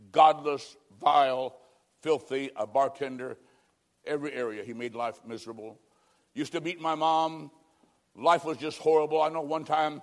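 A man preaching with a fairly high voice, telling his own story in plain words. He pleads with his listeners and swings between emphatic peaks and hushed, intimate moments. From American Midwest. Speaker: evangelist preacher. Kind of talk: sermon with personal testimony.

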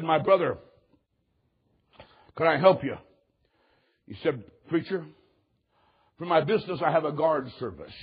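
A man preaching a sermon, telling a story with animated delivery and acting out the quotes. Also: on the high side, breathy edge, highs cut off.

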